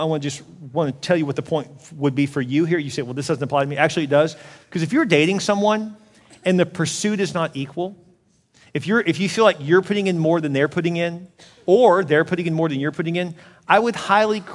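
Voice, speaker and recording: A man in his forties preaching a sermon as a pastor, telling the story in an animated way and acting out the voices. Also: on the high side, big-room sound. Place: church auditorium.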